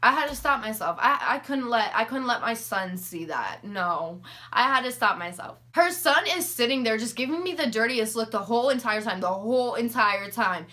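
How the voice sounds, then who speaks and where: A young woman vlogger telling a story in a casual, animated, profane and sarcastic way. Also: on the high side, moderate pace, few pauses.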